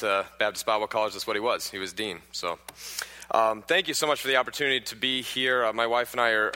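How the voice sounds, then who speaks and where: Bright-voiced joking preacher man. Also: on the low side. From Pennsylvania. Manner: joking, questions the audience. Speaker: guest preacher. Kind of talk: sermon with humorous stories. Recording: echoey church hall.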